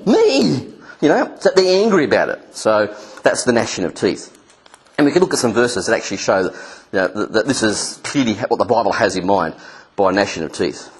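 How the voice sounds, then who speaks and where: A man preaching with a husky, slightly breathy voice at an everyday middle pitch. He coaxes his listeners through a hands-on exercise, then acts out angry voices with sudden leaps in pitch. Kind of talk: sermon.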